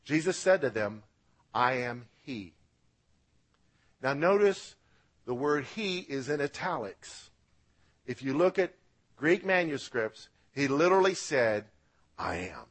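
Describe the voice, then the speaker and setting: A man preaching a sermon as pastor, swinging between loud emphatic lines and quiet low drops, asking the congregation to repeat words after him. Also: very animated, takes it slowly, pauses often. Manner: emphatic preaching, rising and dropping for effect.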